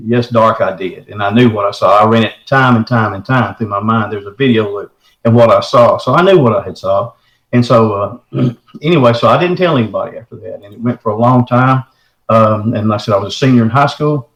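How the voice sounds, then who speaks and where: A man's voice: fairly low pitch, brisk, echoey room, poor audio. A middle-aged man from the States. He earnestly recounts a personal encounter as a caller, in a folksy way. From Texarkana area, southern United States. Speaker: caller telling his encounter.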